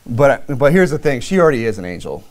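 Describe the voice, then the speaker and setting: A man's voice: medium pitch, big pitch swings, fast talker, background noise. A married man preaching a sermon in a loose, conversational way, with frequent fillers and restarts. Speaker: pastor.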